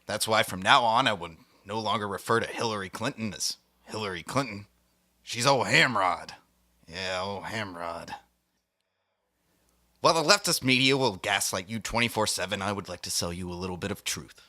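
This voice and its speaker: A man's voice: lowish voice, fast, hardly any pauses, bright, forceful tone, dry recording, studio quality. A man hosting a satirical comedy monologue, delivering it in a mock-serious, grandiose way with theatrical asides. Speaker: host.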